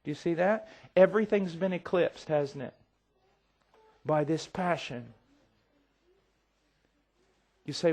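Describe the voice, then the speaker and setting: Intense preacher man, fiery to hushed. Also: on the high side, moderate pace, vocal fry. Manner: swings from quiet intensity to near-shouting; acts out quoted voices. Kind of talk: sermon.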